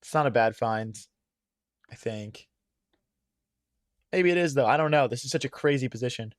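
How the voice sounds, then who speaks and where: A man's voice: mid-range voice, normal speed, no echo, clean studio sound. A young man streaming chess, thinking aloud in a chatty way and talking to his viewers, his voice strained from long hours of streaming. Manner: thinks aloud, chatty, addresses chat as guys. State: losing his voice. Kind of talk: casual live-stream commentary.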